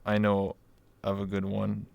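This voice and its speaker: Gravelly, rambling Canadian interview host. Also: male voice, lowish voice, monotone, unhurried, no room sound, dull audio. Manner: rambling, filler-heavy, laughs easily. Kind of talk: casual streamed interview chat.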